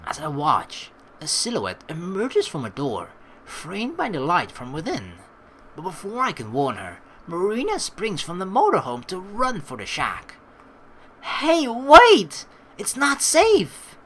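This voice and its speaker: A woman's voice: sits low, wildly swooping pitch, a little slow, a bit bright, a little hiss or hum, poor audio. A woman hosting a let's play, reading a visual novel aloud and breaking off into sarcastic, swearing asides.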